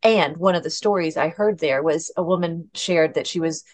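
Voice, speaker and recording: A woman as a podcast guest, talking candidly in a casual conversation, laughing at herself now and then and restarting her sentences quickly. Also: low voice, a little mellow.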